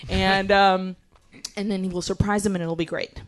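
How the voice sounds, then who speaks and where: A woman telling a comedic personal story as a guest at a live show, animated and profane, laughing as she goes. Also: medium pitch, normal speed.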